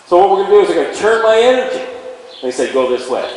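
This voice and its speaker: A man's voice: high voice, lively intonation, very fast, darkish tone. A man training a horse in an indoor arena, explaining each step and speaking to the horse as he works. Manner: talks to the horse while explaining. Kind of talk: instructional demonstration. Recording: very echoey arena with faint ambient noise.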